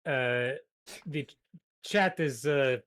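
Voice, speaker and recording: A man's voice: mid-range voice, slow pace, fairly bright tone, dry recording, clean studio sound. A man playing a card game as a podcast guest, rambling and joking in a put-on mock foreign accent. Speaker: guest player. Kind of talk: casual tabletop game play on a podcast.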